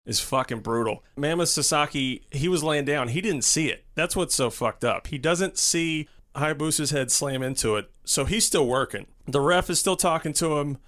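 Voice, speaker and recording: A man's voice: fairly high pitch, moderate pace, a bit bright. A man co-hosting a podcast in casual chat, retelling what he watched in an emphatic way and swearing freely. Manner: emphatic, profane, vivid retelling. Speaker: podcast co-host.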